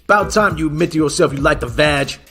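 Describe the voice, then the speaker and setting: A man's voice: a little high, fast, pushed and bright. An actor playing a crude, swaggering male cartoon slacker who brags about himself in third person in an adult cartoon parody. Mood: mocking. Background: music.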